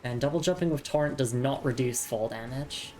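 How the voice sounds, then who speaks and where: Low-voiced woman streaming a game. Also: fairly quick, darkish tone, a little hiss or hum. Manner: chatty, reads item text aloud. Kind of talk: casual gameplay commentary.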